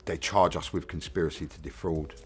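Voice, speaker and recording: A middle-aged Englishman with a bass voice and fairly bright tone tells his own life story a little fast and with fairly even intonation. He speaks plainly, casually, and frankly, in candid first-person storytelling.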